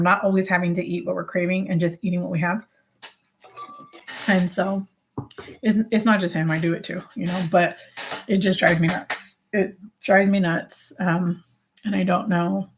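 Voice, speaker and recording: A woman's voice: on the low side, slight background noise. A woman vlogger chatting casually to her viewers, rambling and correcting herself with many fillers. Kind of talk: casual vlog chat.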